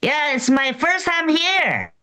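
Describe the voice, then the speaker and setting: High, lively-voiced woman comic from China. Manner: deadpan, slightly broken English with pauses. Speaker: stand-up comic. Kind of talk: stand-up set. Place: comedy club stage. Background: audience laughter.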